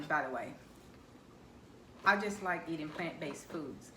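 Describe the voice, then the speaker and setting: A woman's voice: sits low, unhurried, bright, forceful tone, reverberant, slight background noise. A woman hosting a casual food vlog, chatting and teasing her guest with questions. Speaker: vlogger host. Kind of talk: casual chat during a mukbang.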